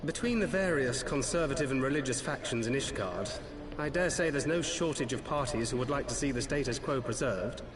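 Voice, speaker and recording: An actor playing a formal, articulate young scholar in a video game, weighing a question thoughtfully. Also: male voice, mid-range voice, animated, fairly quick, hardly any pauses, lightly acted. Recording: echoey game audio with noise.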